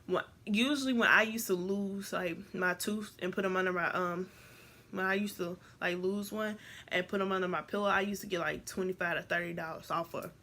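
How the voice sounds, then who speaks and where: A teenage girl vlogger telling a casual storytime, rambling with many restarts and jumping into voices for quotes. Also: fairly quick. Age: teens. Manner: animated, jumps into high voices to act out quotes.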